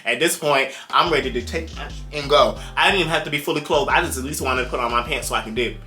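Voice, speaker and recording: A young man telling a personal story to his viewers in a casual, animated way, exclaiming often and talking to the audience directly. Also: mid-range voice, fast talker, faint music behind. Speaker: storytime vlogger.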